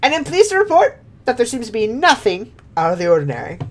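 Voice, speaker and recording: A woman voicing a pompous, bumbling male gentleman inspector with an overly formal manner. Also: fairly high pitch, wildly swooping pitch, fast talker, voice pushed up.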